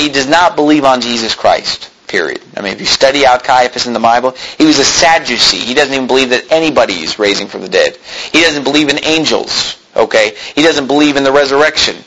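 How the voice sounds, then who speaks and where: Bright-voiced preacher man, animated. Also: mid-range voice, brisk, a little hiss or hum, poor audio. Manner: animated, acts out scenes with sudden shouts and laughs. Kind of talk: sermon.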